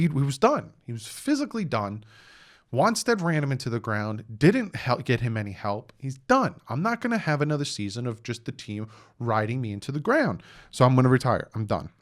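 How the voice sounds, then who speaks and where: A young man hosting his own sports channel, telling a story in a casual, animated way, acting out quotes and tossing in "right?" asides. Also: mid-range voice. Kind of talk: casual sports commentary vlog.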